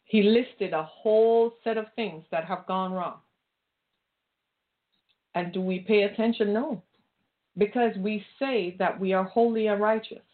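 A woman's voice: mid-range voice, a little slow, long pauses. A woman preaching an impassioned sermon, pressing her listeners with pointed rhetorical questions. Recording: tinny phone-like line.

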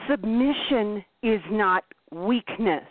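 A woman hosting a casual talk show, blunt and animated, swearing freely and acting out quotes. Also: medium pitch, slow, dry recording. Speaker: podcast host. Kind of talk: casual chat. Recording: tinny phone-like line, dry.

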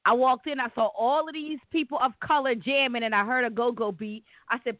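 A woman from Delaware hosting a casual interview, telling stories with excitement and animation. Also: on the high side, moderate pace. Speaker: host. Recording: tinny phone-like line.

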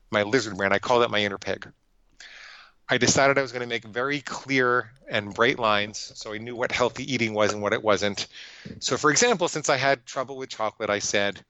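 A man's voice: on the low side, bright, forceful tone, clear, resonant tone, no echo, muffled recording. A middle-aged man, a psychologist guest, telling his story earnestly and emphatically, acting out quoted inner voices. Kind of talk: conversational interview storytelling.

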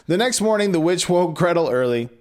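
Man doing a comedic fairy-tale read, sarcastic and swearing freely, fairly high, lively voice. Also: brisk. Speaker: storyteller. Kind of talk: comedic fairy-tale reading with profane asides.

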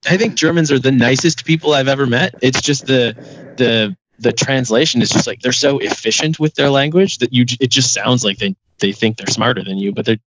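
A man in casual conversation telling stories with dry, deadpan humor. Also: mid-range voice, brisk, dry recording. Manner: dry joking, deadpan exaggeration. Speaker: musician. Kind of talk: casual podcast chat, storytelling. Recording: slightly dull lo-fi sound.

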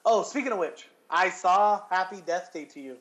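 A man's voice: high voice, animated, normal speed, a bit bright, highs cut off. A man co-hosting a casual podcast chat, rambling and swearing with lots of restarts. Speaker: podcast co-host.

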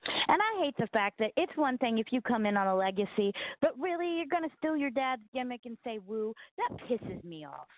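A woman's voice: on the high side, big pitch swings, a little fast. A woman with a Southern American accent, co-hosting in casual chat, rambling and blunt with self-mocking asides. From Southern United States. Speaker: co-host. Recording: tinny phone-like line, dry.

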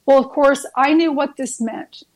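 A middle-aged woman with a high voice recounts her nursing experiences. She talks earnestly and emotionally, often restarting her sentences and filling pauses. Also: fairly even intonation, a little mellow, poor audio. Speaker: nurse guest. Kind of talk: personal storytelling.

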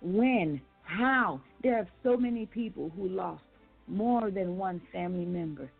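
A woman's voice: medium pitch, unhurried, gravelly, slightly rough. A woman preaching a sermon, building emphatic repeated refrains. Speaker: preacher and author. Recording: phone-line sound with faint music.

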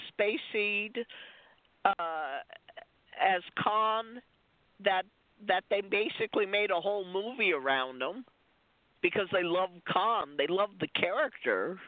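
A woman's voice: medium pitch, slow pace, dry recording. A woman guest who is a stunt performer, telling rambling, digressive stories in a casual chat over a phone line. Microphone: phone call-in. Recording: dry, tinny phone line.

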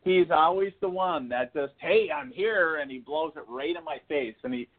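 A man calls in over a thin, phone-like line, his voice sitting a bit high. He tells his spirit encounters as animated anecdotes, acting out the lines he said. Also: normal speed. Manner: animated, laughing anecdotes with acted-out quotes. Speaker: spiritual medium guest. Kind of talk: casual storytelling on a call-in show.

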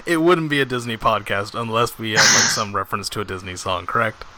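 A man's voice: on the low side, a little fast, pushed and bright, slight background noise. A man co-hosting a podcast in casual chat, enthusiastic and chatty. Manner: enthusiastic, chatty, many fillers. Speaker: podcast co-host.

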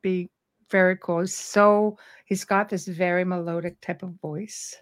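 A middle-aged woman hosting a live talk show, speaking in a robust, animated way from years of public speaking. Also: lowish voice, measured pace. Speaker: host. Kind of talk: casual chat.

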